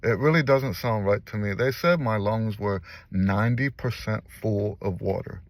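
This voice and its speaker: A man's voice: fairly low pitch, moderate pace, no echo. An older man, talking in a casual personal vlog and speaking earnestly, repeating phrases for emphasis. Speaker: vlogger and musician. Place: in a car.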